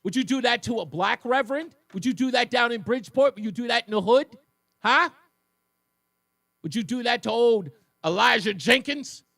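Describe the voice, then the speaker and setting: A man's voice: vocal fry, pushed and bright, dry recording, clean studio sound. A man hosting a talk radio show, delivering a fiery, mocking monologue and taking callers. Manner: fiery, mocking, mimics others in shrill voices. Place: radio studio.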